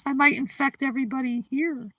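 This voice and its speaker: High, bright-voiced giggly woman streamer. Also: fairly even intonation, brisk, dry recording. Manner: chatty and giggly, greeting viewers by name; drowsy, yawning. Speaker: livestream host. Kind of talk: casual chat with live viewers.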